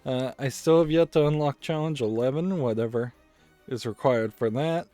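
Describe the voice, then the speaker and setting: A man's voice: mid-range voice, normal speed, warm tone, soft background music. A man giving casual commentary while playing a card game, rambling and thinking aloud and often correcting himself. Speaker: let's play host.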